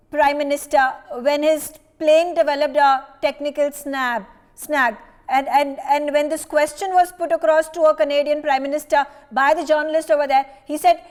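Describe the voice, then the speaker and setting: A woman with an Indian English accent anchoring a news debate, framing long questions with halting repeats. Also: sits high, darkish tone.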